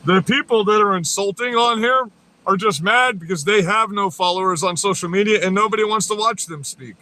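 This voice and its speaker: A man with a drawl rants live to his viewers, hurling profanity and dares in a high-set voice. His tone is bright and cutting, and a faint hiss sits under the audio. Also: brisk. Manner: profane, confrontational, taunting. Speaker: livestreamer. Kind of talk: livestream rant.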